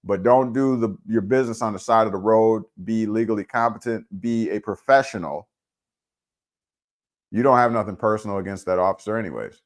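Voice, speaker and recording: A man's voice: fairly low pitch, a little fast. A man hosting a casual livestream, chatting laid-back and informally with viewers, answering their comments and using plenty of fillers. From Wisconsin. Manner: informal speech with frequent fillers. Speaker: livestream host.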